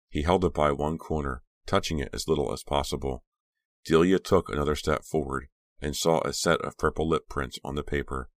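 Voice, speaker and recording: A man reading a teen thriller novel aloud in a steady, measured audiobook narration. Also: extremely low pitch, no echo. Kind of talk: scripted narration.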